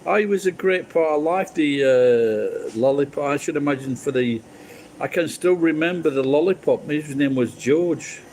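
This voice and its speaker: A man's voice: fairly high pitch, moderate pace, a little mellow, a little hiss or hum, low-quality recording. A British man hosting a live stream, chatting casually with viewers, rambling and swearing freely. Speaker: livestream host chatting with viewers.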